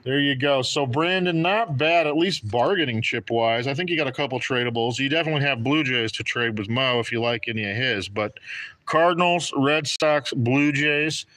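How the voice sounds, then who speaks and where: A man's voice: medium pitch, moderate pace, bright, forceful tone, no room sound. A man hosting a live trading card break stream, chatting and joking with viewers by name as he calls out draws. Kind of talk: casual live-stream commentary.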